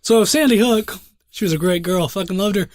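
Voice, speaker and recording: High-voiced young man telling rambling stories. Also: fairly quick, no room sound, clean studio sound. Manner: profane, rambling, laid-back storytelling with many restarts. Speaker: podcast host. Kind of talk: casual podcast chat and storytelling.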